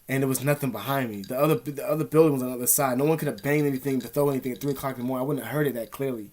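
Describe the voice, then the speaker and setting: A young man races through a casual story to camera from an indoor room, rambling, profane, and streetwise. His mid-range voice stays steady in tone and sounds a little mellow.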